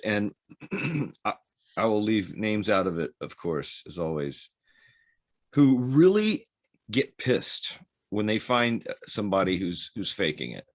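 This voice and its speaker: Brief: low male voice, very animated pitch, dry close sound, rambling storyteller podcast co-host. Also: unhurried, no echo. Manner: rambling anecdotal storytelling with frequent restarts and laughs. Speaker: podcast co-host, former Navy SEAL. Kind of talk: casual storytelling chat.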